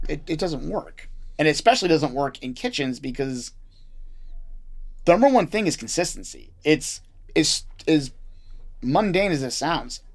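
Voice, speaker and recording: A man who is a chef and restaurant owner, talking bluntly and with animation as a guest in a casual interview, swearing freely. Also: on the high side.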